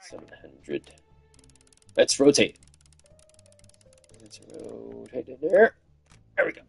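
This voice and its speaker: A man streams a game with casual, chatty commentary, laughing often and humming along, his voice fatigued after hours of talking. It is medium-pitched with big pitch swings, slow, gravelly, and breathy at the edges, with frequent pauses. Soft music plays in the background.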